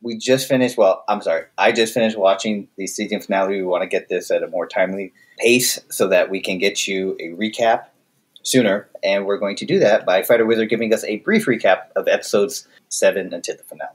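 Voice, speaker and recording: A man's voice: on the low side, brisk. A man co-hosting a casual podcast, bantering and teasing his co-host with crude jokes.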